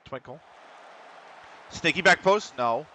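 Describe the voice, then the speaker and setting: A man's voice: on the high side, expressive, slow pace, pushed and bright, a little hiss or hum. A man streaming a football management game, reacting live, swearing and calling out to the players on screen.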